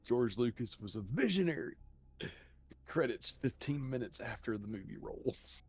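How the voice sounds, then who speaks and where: A man's voice: mid-range voice, normal speed, husky. A man chatting casually while streaming a game, telling stories with lots of laughter. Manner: animated storyteller, laughs often, hums movie themes. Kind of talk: casual gaming chat.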